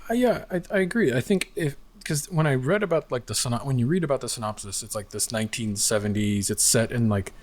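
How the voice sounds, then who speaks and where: A man's voice: medium pitch, animated, fast, few pauses. A man co-hosting a casual chat, talking eagerly and hedging with many fillers. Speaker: co-host.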